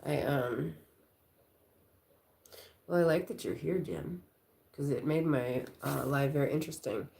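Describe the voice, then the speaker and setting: A woman's voice: sits low, a little slow, creaky, long pauses, a little mellow. A middle-aged woman hosting a casual livestream, chatting and telling rambling stories about her daughter. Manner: rambling, chatty, storytelling with quoted voices. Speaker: livestream host.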